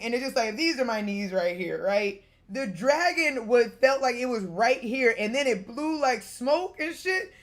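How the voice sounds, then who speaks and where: A woman vlogger casually telling a lively, slangy story, cussing and breaking into laughter. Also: mid-range voice. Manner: animated, slangy, cusses, laughs often.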